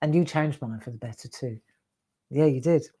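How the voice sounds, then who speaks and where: A woman's voice: very deep voice, moderate pace, dark tone, husky. An older woman, a craft show host chatting casually and rambling to viewers during a livestream.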